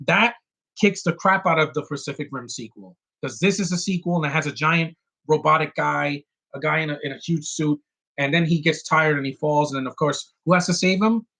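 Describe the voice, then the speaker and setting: A man hosting a casual solo film podcast, rambling excitedly with many restarts and quick bits of mimicry. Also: fairly high pitch. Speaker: podcast host reviewing a film.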